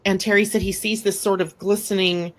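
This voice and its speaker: A middle-aged woman hosting a live astrology show, chatting casually and telling stories with lively acted-out quotes. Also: medium pitch, brisk. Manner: animated storyteller who acts out quoted speech. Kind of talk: casual conversational storytelling.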